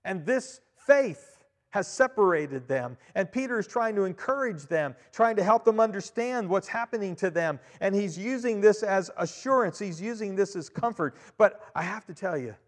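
A man preaching a sermon as pastor, emphatic, repeating key phrases and swinging between loud and quiet. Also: high voice, animated, normal speed, few pauses. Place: church. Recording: long reverb of a church hall.

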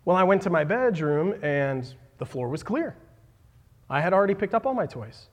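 A man in his thirties preaching a sermon in a church hall, halting with fillers and restarts and joking about himself. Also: sits high, very animated. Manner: halting, many fillers and restarts, self-deprecating asides. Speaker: pastor. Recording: long reverb of a hall.

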